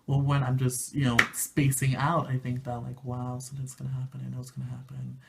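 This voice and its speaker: Guy rambling thru a casual review, gushy and excitable, lots of ums, mid pitch. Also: a little fast, creaky, very noisy. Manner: excitable, gushing, swings from soft murmurs to high squeals; rambling with many fillers and restarts. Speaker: anime reviewer.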